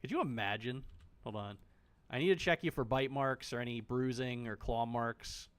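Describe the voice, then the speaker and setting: A man's voice: mid-range voice, normal speed, fairly bright tone, clear, resonant tone. A man streaming a game, chatting casually, joking, swearing freely and talking straight to the characters on screen. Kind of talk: casual gameplay commentary.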